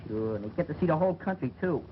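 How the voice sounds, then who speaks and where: A young actor playing a stubborn, eager street kid who dreams big, talking in slang. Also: male voice, on the high side, lively intonation, racing, natural voice. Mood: determined. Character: eager young male street kid set on being a jockey. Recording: muffled, slightly hissy 1940 film soundtrack.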